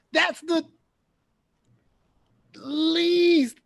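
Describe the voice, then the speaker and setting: High-voiced man arguing his point. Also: expressive, unhurried, dry recording. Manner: emphatic, repeats points. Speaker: podcast host. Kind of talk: casual opinion chat.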